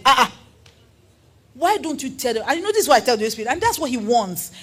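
A woman preaching with earnest conviction and frequent questions to her listeners. Her voice is husky and sits a little high. It swings widely up and down as she presses her points. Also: lively intonation, racing. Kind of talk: sermon.

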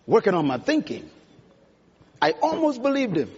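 A man's voice: sits high, huge pitch swings, normal speed, darkish tone, slightly rough. A man giving an emphatic, preacherly motivational speech at a conference, addressing the audience directly. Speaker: conference speaker. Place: large conference hall. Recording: dull sound with long hall reverb.

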